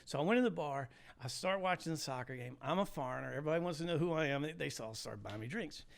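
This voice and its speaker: A man in his sixties from the United States, a former teacher telling travel stories in a casual chat, animated and laughing as he goes. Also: a little high, quick pace, vocal fry. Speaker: guest, former high school teacher.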